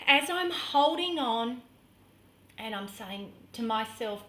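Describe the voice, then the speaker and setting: A middle-aged woman tells a personal story straight to her vlog audience, unhurried and earnest. Her voice is bright and sits a little high. She leans into the drama, sometimes dropping to a hush. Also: expressive, slight background noise. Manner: earnest, dramatic storytelling that drops to hushed tones. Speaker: vlogger.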